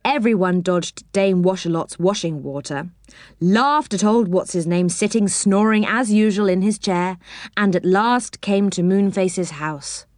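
A woman reading a children's story aloud, expressive and warm in storybook style, in a dry close recording. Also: mid-range voice, unhurried, dry recording.

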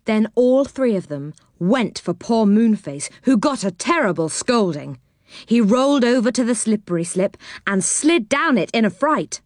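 Narrator: woman, animated storybook reading, dry close sound. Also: on the high side, moderate pace, no echo. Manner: expressive, lively reading. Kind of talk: children's story read aloud.

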